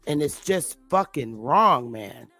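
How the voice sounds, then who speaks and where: With a rumbling low, expressive voice and a sharp tone, a woman rants slowly through an unscripted opinion piece as a commentary vlogger. She's combative and defiant, blunt, profane and repetitive for emphasis, recorded with no room sound and soft background music.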